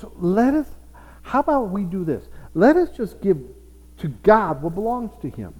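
A man's voice: high voice, big pitch swings, moderate pace, dark tone. A man preaching a sermon as pastor, with playful asides to his congregation. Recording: reverberant hall.

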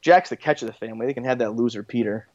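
A man co-hosting a casual podcast, making wry, deadpan jokes about a reality show. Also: mid-range voice, rapid-fire, dry recording, lo-fi sound. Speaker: podcast co-host. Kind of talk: casual chat recapping a reality dating show.

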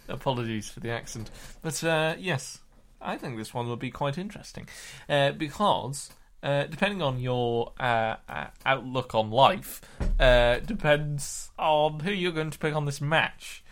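A man's voice: mid-range voice, expressive, unhurried, fairly bright tone. A man doing a put-on Yorkshire accent as a rambling, hesitant pundit character on a podcast. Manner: hesitant, full of uhs. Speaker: podcast co-host.

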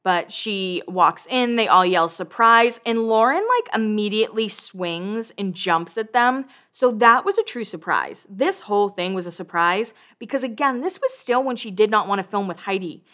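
A chatty woman in her thirties rattles through a reality-show recap, full of gossip and animated asides. Her voice sits in a middle register and swings freely as she acts out quoted lines. She swears offhandedly and sounds like she is talking with friends. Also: mid-range voice, moderate pace, few pauses.

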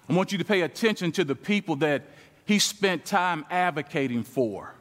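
A man preaching as a guest speaker, telling a story in a lively way and acting out the conversation as he goes. His voice sits high for a man. The sound rings with long reverb, as in a large church sanctuary. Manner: animated, acts out quoted dialogue with shifting pitch. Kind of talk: sermon storytelling.

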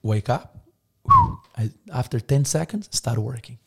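A man's voice: medium pitch, measured pace, gravelly, warm tone, breathy edge. A man guest on a casual podcast, effusive and encouraging, rattling off lists in slightly non-native English phrasing. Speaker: podcast guest, business owner.

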